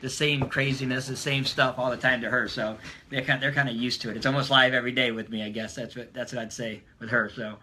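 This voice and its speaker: A man's voice: mid-range voice, little pitch movement, fast, sharp tone, slight background noise. A man hosting a casual live stream, upbeat and greeting viewers by name as they join.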